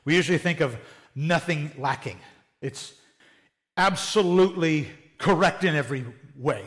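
A man's voice: a little high, normal speed, fairly bright tone. A man preaching a sermon in a plain-spoken, conversational way, often acting out little quoted exchanges. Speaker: pastor.

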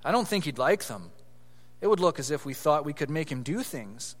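A man's voice: fairly high pitch, big pitch swings, normal speed, big-room sound. A man voicing an earnest, solemn and slightly bossy schoolboy in a read-aloud story.

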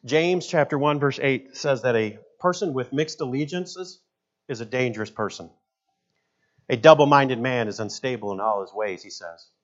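A man's voice: mid-range voice, normal speed, highs cut off. A man in his fifties, a pastor, preaching a sermon with folksy stories, jokes and asides. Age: 50s.

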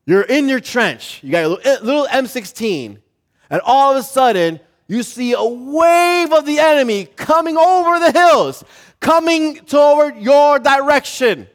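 A man preaching a sermon as a pastor in a church service, telling a story and building to loud exhortation. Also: very high voice, expressive, unhurried.

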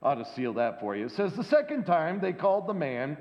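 A man's voice: a little high, brisk. A man preaching a sermon, acting out the voices of the people in the scripture story. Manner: lively, acts out the voices in the story. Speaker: pastor. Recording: dull lo-fi sound with long hall reverb.

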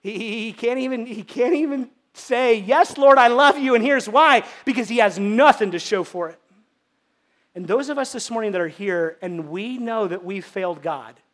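A man preaching a sermon as pastor, animated and swinging between loud emphasis and hushed delivery. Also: sits high, moderate pace.

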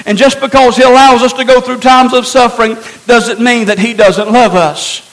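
A man's voice: very high voice, fairly even intonation, normal speed, low-quality recording. A man preaching a sermon to his congregation, teaching in an emphatic way and asking rhetorical questions. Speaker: pastor.

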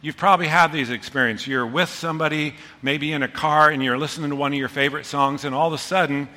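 A middle-aged male pastor preaching a sermon, telling stories with animated, voiced quotes. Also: a little high, fast talker. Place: church hall. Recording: long hall reverb.

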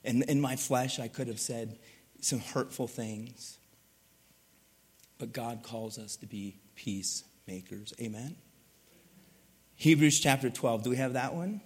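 A man preaching, telling a lively story and acting out the voices, then going quiet to drive the point home. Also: medium pitch, slow pace, long pauses, husky, long reverb tail. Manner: animated, acts out voices, drops to quiet for the point. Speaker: pastor. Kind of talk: sermon storytelling.

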